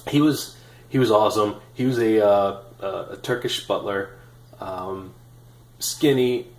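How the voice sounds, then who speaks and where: A man in his thirties telling a personal story in a casual, animated, self-deprecating way with many fillers. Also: on the low side, unhurried, echoey room, rough recording. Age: 30s. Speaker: vlogger.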